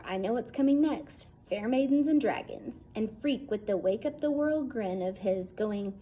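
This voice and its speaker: A woman's voice: on the high side, animated, normal speed, few pauses, warm tone, poor audio. Woman reading a wry, casual first-person story. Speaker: audiobook reader. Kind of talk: first-person novel narration.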